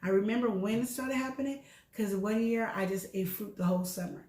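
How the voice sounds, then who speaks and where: Fairly quick and medium-pitched, this middle-aged co-host speaks in an echoey room. She discusses her health openly in a relaxed chat, dramatizing her stories by acting out the dialogue.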